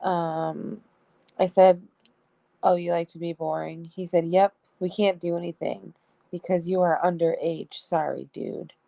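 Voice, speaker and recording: A woman's voice: fairly low pitch, fairly even intonation, a little slow, vocal fry, mellow, dry recording. A young woman streamer casually reading out both sides of a text chat, giggling often. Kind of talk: casual live-stream storytelling.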